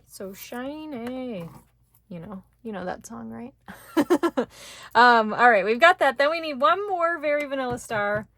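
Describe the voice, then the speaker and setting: A woman's voice: on the high side, animated, moderate pace, pushed and bright, dry recording. Chatty woman thinking aloud while crafting. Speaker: card-making instructor. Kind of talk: casual craft tutorial chat.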